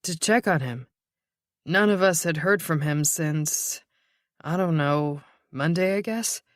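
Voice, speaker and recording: An audiobook narrator voices a grieving man in his twenties, sounding tired, shaky and strained, with light acting. He answers quietly and briefly in a slow, mid-range voice. The recording is dry and close-miked.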